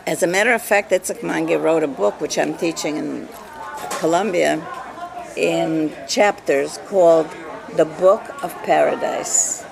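Older woman, native Yiddish speaker, interviewee; slow, gravelly, emphatic storyteller with crowd murmur behind. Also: low-pitched. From Eastern Europe. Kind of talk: oral history interview.

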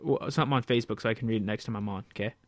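A man's voice: lowish voice, racing, dry recording. A man co-hosting a casual online show in a laid-back, teasing way. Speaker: co-host. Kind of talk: casual chat.

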